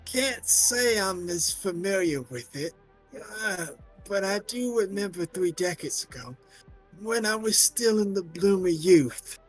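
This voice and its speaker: A man's voice: sits high, expressive, measured pace, faint music behind, pitched above the performer's own voice. A man doing a chatty folksy old codger. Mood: nostalgic. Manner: drops into folksy slang, "me" for "my". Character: chatty elderly working-class city man.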